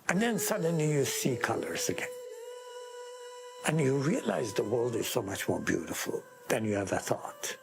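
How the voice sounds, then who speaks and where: A man's voice: medium pitch, gravelly. A man from Iran, giving an earnest, heartfelt personal faith testimony in an interview.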